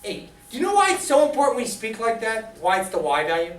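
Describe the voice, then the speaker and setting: A male math teacher with a fairly high voice lectures quickly and with animation, quizzing his students to keep them engaged. A camera far away picks him up across an echoey classroom, with faint room noise in the background.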